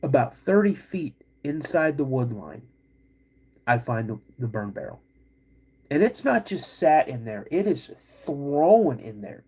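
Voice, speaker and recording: Husky man telling a story casually. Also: medium pitch, unhurried. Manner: animated, acts out quoted dialogue. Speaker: podcast host.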